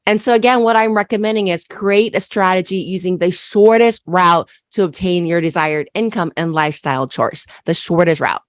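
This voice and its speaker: A woman's voice: medium pitch, dry recording, clean studio sound. A woman accountant hosting a solo business podcast, coaching listeners and repeating key questions with frequent "right?" checks.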